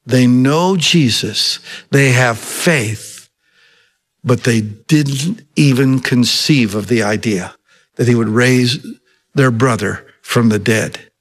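A man preaching a sermon, storytelling with lively acted-out voices and rising emphasis. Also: mid-range voice, takes it slowly. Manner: animated preaching, acting out Bible voices. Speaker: pastor.

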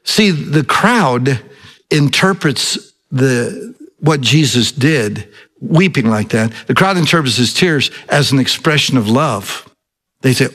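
A man's voice: fairly high pitch, animated, unhurried, a bit bright, big-room sound. A male pastor preaching a sermon, earnest and emphatic, often asking the congregation questions.

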